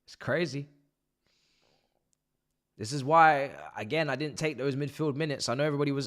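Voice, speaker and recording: A man's voice: mid-range voice, animated, moderate pace, long pauses, fairly bright tone. A young man, doing live watch-along commentary on a football match as a fan streamer, ranting in exasperation and mocking the play.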